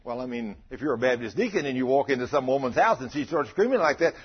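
Give me a husky lay preacher telling a dramatic testimony, recorded dull and lo-fi. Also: male voice, medium pitch, lively intonation, fast talker, hardly any pauses. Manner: folksy, dramatic storytelling. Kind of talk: sermon testimony.

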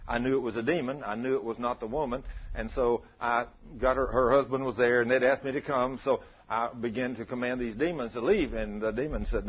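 Husky preacher telling stories. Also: male voice, medium pitch, fairly even intonation, a little fast, few pauses, highs cut off. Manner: folksy, dramatic storytelling. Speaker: lay preacher. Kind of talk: sermon testimony.

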